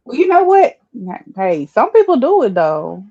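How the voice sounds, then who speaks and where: A woman's voice: sits high, wildly swooping pitch, unhurried, breathy edge, dull audio. A woman with a Southern American accent, chatting casually as co-host and laughing often. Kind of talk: casual live-stream chat.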